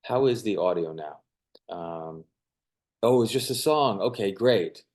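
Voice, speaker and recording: A man co-hosting a webinar, giving relaxed, loosely rambling advice over a video call with a clip-on mic. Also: lowish voice, measured pace. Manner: relaxed, rambling, hesitant with fillers. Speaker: co-host, media coach. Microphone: lavalier on a video call.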